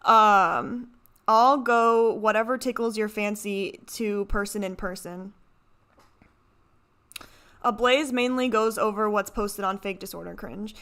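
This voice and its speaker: A woman's voice: medium pitch, slow, fairly bright tone, clear, resonant tone. A woman hosting a reaction video, talking casually and rambling, often restarting and correcting herself.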